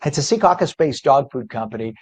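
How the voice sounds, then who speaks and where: A man's voice: mid-range voice, fast talker, no echo. Conversational male TV morning show host. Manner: conversational, animated when making a point. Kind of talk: broadcast interview.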